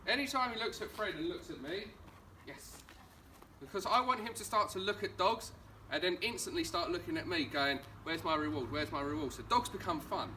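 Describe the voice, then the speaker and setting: A man's voice: sits high, moderate pace. Essex man coaching dog training outdoors. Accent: Essex English. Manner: calm, coaching, gives short commands to the dog. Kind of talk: on-location training instruction. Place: outdoors on a street during a home visit. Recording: distant outdoor camera audio with background noise.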